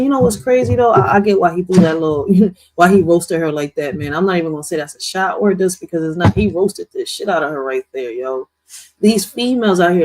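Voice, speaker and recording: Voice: mid-range voice, a little mellow, rough recording. Rambling reaction host. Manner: rambling, slangy, restarts a lot. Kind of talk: casual reaction commentary.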